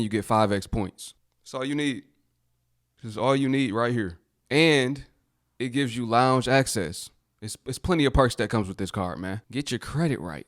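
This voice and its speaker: A man's voice: medium pitch, no echo, studio quality. A man giving casual, confident advice, explaining things step by step.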